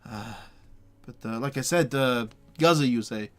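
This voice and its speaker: A man voicing a meek, earnest male priest in a tabletop game, speaking haltingly with frequent stammers. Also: mid-range voice, a bit bright, soft background music, lightly acted. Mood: hesitant.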